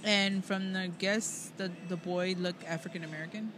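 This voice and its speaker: A woman's voice: on the low side, steady tone, normal speed, noisy background. A woman co-hosting a casual podcast chat, teasing her partner and laughing readily. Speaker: podcast co-host.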